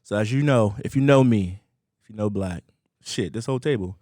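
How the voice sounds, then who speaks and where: A man's voice: fairly low pitch, fairly quick, no echo, studio quality. A young man from Brooklyn, co-hosting a casual chat and telling a story with lots of laughter and acted-out quotes. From Brooklyn, New York. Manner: animated storyteller, laughs often, acts out quotes. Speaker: podcast co-host.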